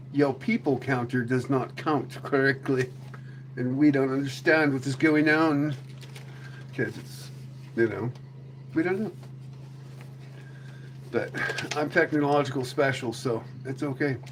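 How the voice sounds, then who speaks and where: A man's voice: mid-range voice, fairly even intonation, unhurried, long pauses, slight background noise. A man hosting a casual livestream chat, rambling and joking, often slipping into silly voices. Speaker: livestream host.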